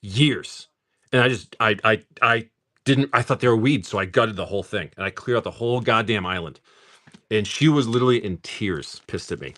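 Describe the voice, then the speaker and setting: Laughing, joking dad streamer. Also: male voice, lowish voice, normal speed, bright, forceful tone. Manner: jokey, laughs often, swears casually; rattles off card names while opening packs. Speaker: streamer opening card packs. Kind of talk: casual live-stream chat.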